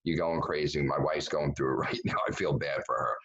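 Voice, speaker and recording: A man's voice: very deep voice, a little fast, a bit bright, muffled recording. A man giving a webinar presentation over a video call, talking bluntly and casually with lots of fillers and restarts.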